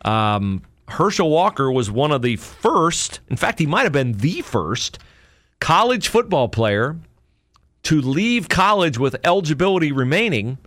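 A man's voice: fairly high pitch, big pitch swings, measured pace, a bit bright, dry recording. A man hosting a podcast alone, rambling through sports memories with fillers and self-corrections. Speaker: podcast host. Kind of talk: casual solo podcast talk.

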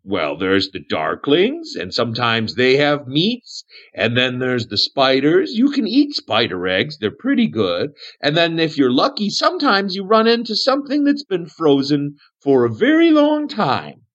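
A man's voice: fairly high pitch, wildly swooping pitch, a little slow, few pauses, fairly bright tone, dull audio, voice pushed up, heavily acted. A man voicing a naive, childlike male elf with a head injury, who talks about himself in the third person. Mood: simple, eager.

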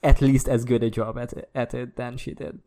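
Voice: medium pitch, little pitch movement, fairly quick, vocal fry, warm tone. A podcast co-host in a teasing casual chat, recording from a separate studio. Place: own home recording studio.

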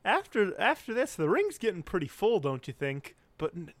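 A man's voice: high-pitched, sing-song, normal speed, dry recording. A man co-hosting a casual wrestling recap, telling it with wry amusement and plenty of swearing. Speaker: wrestling podcast co-host.

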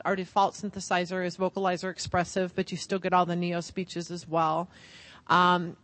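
A middle-aged woman presents a product to a conference audience. She is upbeat, chatty and enthusiastic. Her pitch is mid-range and the sound is dry and close. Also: a bit bright, no echo. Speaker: vendor presenter.

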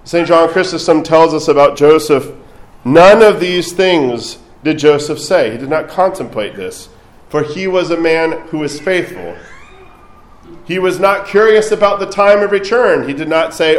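A man's voice: fairly high pitch, measured pace, reverberant, poor audio. A man preaching a sermon as a priest, speaking conversationally and adding light asides.

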